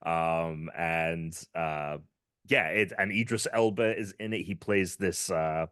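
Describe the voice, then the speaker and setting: A man's voice: low voice, slow, a bit bright, clear, resonant tone, no echo, clean studio sound. A British man co-hosting a casual gaming podcast, rambling with lots of fillers as he enthuses. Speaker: podcast co-host.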